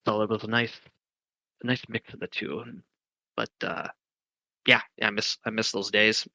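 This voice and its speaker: A man's voice: lowish voice, fairly even intonation, normal speed, sharp tone, no echo. A man co-hosting a podcast, chatting casually about a film and thinking aloud with many questions and restarts. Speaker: podcast co-host.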